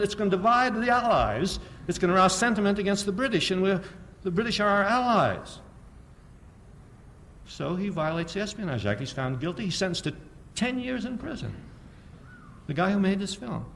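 An older man lectures an audience, his tone wry and sardonic. His pitch rises and falls freely as he pokes at his own examples. A faint hum of room noise sits under the voice. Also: animated, moderate pace, a bit bright. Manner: sardonic, storytelling, asks the audience rhetorical questions. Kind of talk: public lecture.

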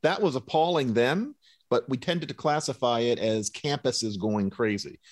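A man's voice: mid-range voice, normal speed, dry recording, clean studio sound. A man who is a linguistics professor, a guest on a radio show, answering in articulate, analytical, long connected sentences.

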